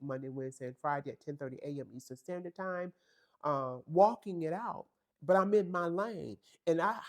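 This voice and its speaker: Emphatic woman preaching a pep talk. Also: low voice. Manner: talks straight to women listeners, calls them girl and honey. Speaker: podcast host. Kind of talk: faith-based motivational talk.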